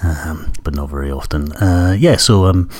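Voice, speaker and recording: A man's voice: very deep voice, normal speed, a little mellow. A man in his thirties with a Scottish accent that carries traces of Newcastle, hosting a podcast in a casual, rambling, self-deprecating monologue full of fillers. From Scotland. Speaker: podcast host.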